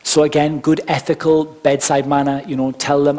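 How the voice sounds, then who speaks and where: A man's voice: on the high side, level tone, moderate pace, darkish tone. A man giving an informal workshop lecture, explaining step by step with frequent asides. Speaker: workshop instructor. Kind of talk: conversational teaching lecture.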